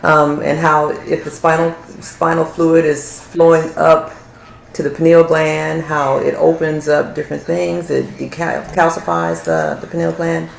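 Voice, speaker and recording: Brief: gravelly woman host, low voice, curious interviewer in an echoey room. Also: a little slow, a little hiss or hum. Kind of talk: interviewing, taking chat questions.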